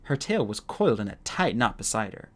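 An audiobook narrator reads a fantasy story with lively, expressive phrasing. The pitch travels widely through each sentence, with an even, middle voice underneath. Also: brisk.

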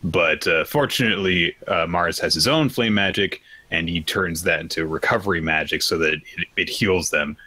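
Low-voiced, forceful male podcast host. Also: normal speed, hardly any pauses, husky, no room sound. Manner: rambling, lots of fillers, exasperated asides. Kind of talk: casual chat recapping manga.

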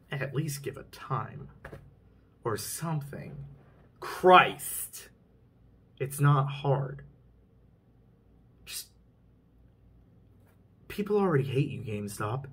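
A man's voice: medium pitch, breathy edge. A young man ranting in a frustrated, exasperated vlog monologue, swearing freely. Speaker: vlogger.

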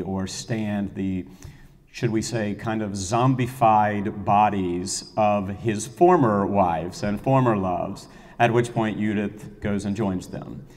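Middle-aged male music director, chatty and enthusiastic, low voice, long echo of a hall. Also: darkish tone. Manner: chatty, enthusiastic storyteller with fillers. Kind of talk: casual season announcement talk.

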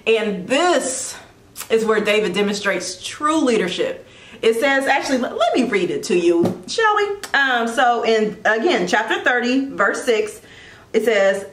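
A woman giving a casual devotional talk about leadership, animated and chatty, with quick asides and self-corrections. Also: fairly high pitch, echoey room. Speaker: Christian blogger giving devotional teaching.

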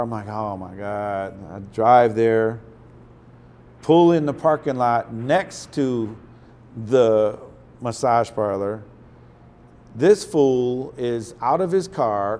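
A man guesting on an interview, telling casual stories with a profane, animated delivery that slips into acted quotes. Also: mid-range voice. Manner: profane, animated storyteller who acts out quotes.

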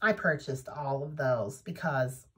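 A woman with a very deep voice hosts a needlework vlog at a measured pace. She chats casually and enthusiastically, showing off projects in a show-and-tell style.

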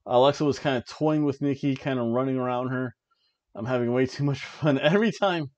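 A man's voice: mid-range voice, a little fast, darkish tone, lo-fi sound. A man hosting a casual wrestling review show, rambling along and laughing at his own jokes as he sits at home. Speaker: podcast host reviewing wrestling. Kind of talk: casual chat. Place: home, seated in an old chair.

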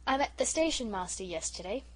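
A woman's voice: a little high, expressive, a little fast, poor audio. A woman reading an audiobook, voicing a proud young boy who talks in an off-hand, impatient way.

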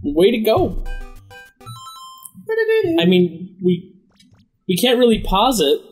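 Man, casual game commentary, lively, higher voice, excitable, faint game music. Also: takes it slowly, breathy edge. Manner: excitable, yelps and laughs often.

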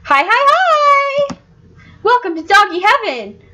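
A woman voicing a cheerful, excitable female dog spirit in a game, squealing and bubbly. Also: very high-pitched, takes it slowly, slight background noise, voice pushed up, exaggerated voice.

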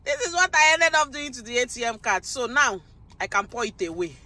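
A Nigerian woman chatting casually to her camera as a family vlogger, talking in a chatty way and growing loud and high when she rants. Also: animated, brisk, rough recording. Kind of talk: casual vlog chat.

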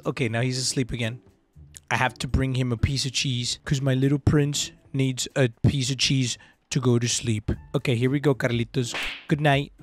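Young male gaming streamer; playful, profane, slangy play-by-play, slightly high voice, faint music under it. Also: a bit bright. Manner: joking, profane, mixing in Spanish slang. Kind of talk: casual let's-play commentary.

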